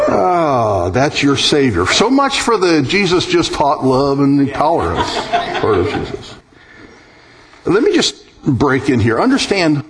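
A pastor preaching a sermon to his congregation, emphatic and animated, chuckling now and then. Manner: animated, emphatic preaching with wide pitch swings.

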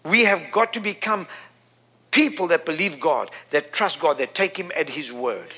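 A male preacher with a high, bright, forceful voice delivering a sermon. He hammers points home by repeating phrases, swelling to loud climaxes and then dropping low. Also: animated, moderate pace, breathy edge. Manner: emphatic, repeats phrases, builds to loud peaks.

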